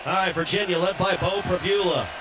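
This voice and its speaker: High-voiced man calling football play-by-play. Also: steady tone, background noise. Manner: rapid, rising to shouts on big plays. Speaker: play-by-play announcer.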